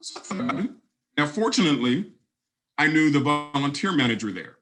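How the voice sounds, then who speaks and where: A man's voice: fairly high pitch, big pitch swings, a little fast, fairly bright tone, poor audio. A man in his fifties giving a conference keynote, telling stories and speaking straight to the audience.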